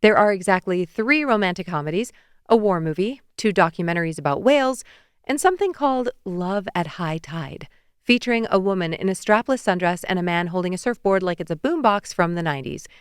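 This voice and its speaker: Smooth, lower-voiced woman narrating romance. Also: a little fast, dry recording, clean studio sound. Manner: lively, wry storytelling. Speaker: audiobook narrator. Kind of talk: first-person romance audiobook narration. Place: studio booth. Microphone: close studio mic.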